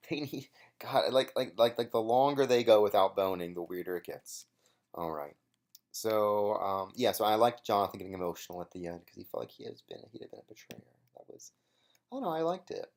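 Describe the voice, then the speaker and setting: Rambling young man with a lively pitch. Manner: rambling, hesitant, many fillers and restarts. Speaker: former contestant giving episode commentary. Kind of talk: casual solo commentary.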